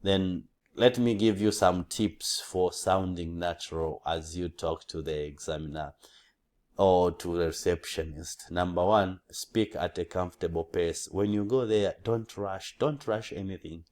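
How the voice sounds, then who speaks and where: A man's voice: low voice, a little slow, darkish tone. A man coaching English test takers in a casual, earnest monologue, repeating key points and often restarting his sentences.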